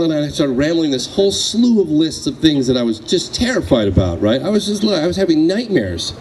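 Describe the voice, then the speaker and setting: A man's voice: fairly high pitch, very animated, a little fast, hardly any pauses, a little mellow, a little hiss or hum. Rambling man telling stories about his dad. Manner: rambling, storytelling, quoting his father. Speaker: son giving a memorial speech. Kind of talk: eulogy with anecdotes. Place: memorial gathering room.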